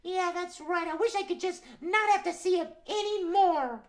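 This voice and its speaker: A woman voicing a fretful young house cat in a children's puppet show, complaining in a high, fed-up voice. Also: moderate pace. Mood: frustrated.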